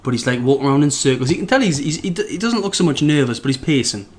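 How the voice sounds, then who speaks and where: A man's voice: a little high, lively intonation, rapid-fire. A man, a podcast co-host telling a rambling story with frequent restarts. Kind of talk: casual anecdote telling.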